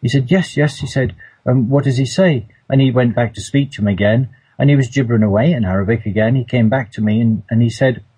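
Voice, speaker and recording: A man's voice: medium pitch, fast, warm tone, slightly rough, low-quality recording. A man telling a personal story in a casual, hesitant way, often repeating words and restarting. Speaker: storyteller recounting a personal trip.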